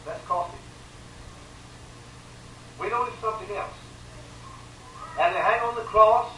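A man preaching a sermon with emphatic repetition, swinging between loud pleading and quiet, sorrowful lines. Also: high-pitched, unhurried, a little hiss or hum. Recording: echoey room from far off, faint ambience.

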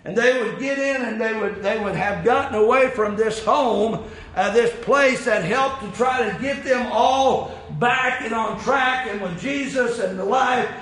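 High-voiced preacher in an echoing room. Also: male voice, a little slow. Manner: impassioned, rising to shouted climaxes; folksy storytelling with repeated phrases. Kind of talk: sermon. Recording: very echoey room with faint noise.

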